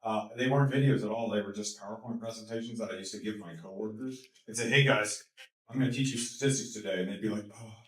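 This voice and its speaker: A man as a guest speaker at a talk, telling a story with lots of energy, laughing and repeating words as he gets excited. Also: lowish voice, quick pace. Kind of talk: animated storytelling in a Q&A. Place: lecture hall. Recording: echoey hall, mic from a distance.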